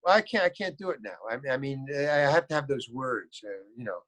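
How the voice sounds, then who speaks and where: A man's voice: mid-range voice, lively intonation, a little fast, a bit bright, dry recording, rough recording. An older man, an actor, telling rambling anecdotes in a casual interview. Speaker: actor guest.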